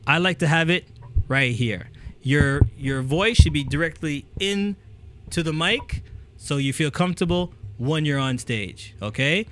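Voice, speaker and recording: A man's voice: fairly high pitch, unhurried, slight background noise. Upbeat man coaching into a handheld mic. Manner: energetic, repeats "okay?" to check in; demonstrates with the mic, moving it near and away. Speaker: host giving speaking tips. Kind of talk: casual coaching talk to camera. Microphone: handheld microphone.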